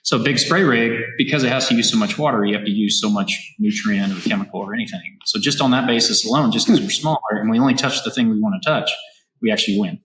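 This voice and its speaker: A man from Kansas, a farmer and robotics founder, telling his story as an interview guest in an animated, restart-filled way on a farm. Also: fairly low pitch, fast talker, a little hiss or hum. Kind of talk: casual interview conversation. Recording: echoey room.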